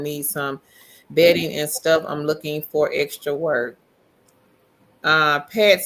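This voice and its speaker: Woman, livestream co-host, lowish voice, chatty, greets viewers by name, reads comments aloud. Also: a bit bright. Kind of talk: casual live chat.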